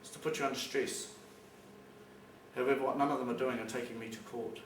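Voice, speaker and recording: A man's voice: mid-range voice, steady tone, brisk. A man with a New Zealand accent giving a plain-spoken, emphatic public talk to an audience in a school hall. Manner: emphatic, plain-spoken, acts out phone calls. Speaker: public speaker. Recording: echoey hall recorded from a distance with background noise.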